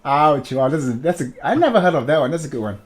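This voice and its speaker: A man hosting a casual panel discussion, playful and quick to laugh. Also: a little high, sing-song, husky.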